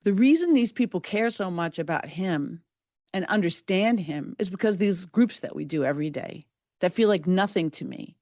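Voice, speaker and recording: A woman's voice: fairly low pitch, lively intonation, a little mellow, no echo. Dry, close woman telling a true story. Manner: measured, vivid storytelling with dramatic build. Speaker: podcast host and storyteller. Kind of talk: first-person true storytelling.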